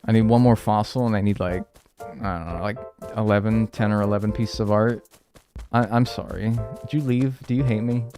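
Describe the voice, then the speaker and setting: A man's voice: fairly low pitch, steady tone, normal speed, darkish tone. Joking, profane streamer man, faint music. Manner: rambling, profane, jokey banter with chat. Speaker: speedrunning streamer. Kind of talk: casual livestream chat while playing.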